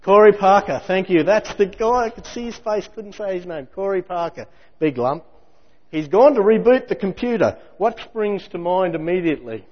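Man, preaching, chatty and animated, slightly high voice, muffled echoey hall sound. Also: normal speed. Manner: animated, conversational, jokey preaching with acted-out asides. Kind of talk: sermon. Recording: muffled hall recording with long reverb.

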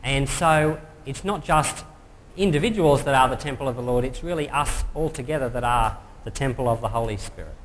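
A pastor giving a relaxed, conversational sermon, pausing often with fillers. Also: male voice, mid-range voice. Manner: relaxed, conversational preaching with many pauses and fillers. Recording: reverberant hall with faint noise.

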